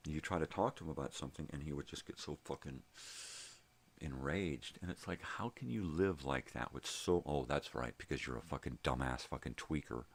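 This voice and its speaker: A man's voice: very deep voice, lively intonation, normal speed, creaky. An older man hosting his own vlog, telling a heated, profanity-filled story in a casual ranting monologue. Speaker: vlog host. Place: home.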